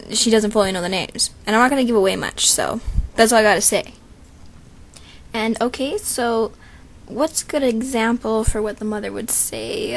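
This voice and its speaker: Chatty woman with a high voice. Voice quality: thin, slight voice. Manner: rambling and chatty, with many fillers and asides. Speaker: creator announcing a voice casting call. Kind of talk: casual unscripted casting-call chat.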